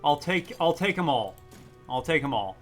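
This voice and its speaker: A man chatting casually as he plays a video game, reading its text aloud and reacting with excitement. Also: a little high, normal speed, faint music behind. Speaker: streamer. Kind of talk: casual gameplay commentary.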